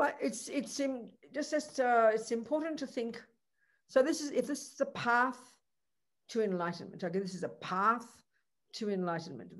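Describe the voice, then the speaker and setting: Earnest woman teaching as a Buddhist nun. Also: a little high. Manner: earnest, conversational, rhetorical questions; frequent restarts and 'you know' asides. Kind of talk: Dharma teaching to a group.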